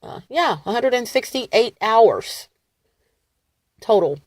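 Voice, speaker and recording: A woman vlogger rambling to her viewers, animated and defiant, laughing and swinging between loud and soft. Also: on the high side, takes it slowly, no room sound, clean studio sound. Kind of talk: rambling talk to camera.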